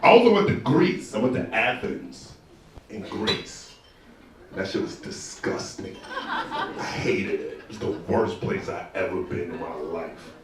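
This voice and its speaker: A man performs animated, profane stand-up into a handheld mic. His delivery rises and falls with lively pitch. The club sounds roomy and distant, with a crowd close by. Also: unhurried. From New York. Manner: animated, profane, bursts into mock shouting. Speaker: stand-up comedian. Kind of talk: stand-up comedy. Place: comedy club stage. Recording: echoey club from far off, crowd.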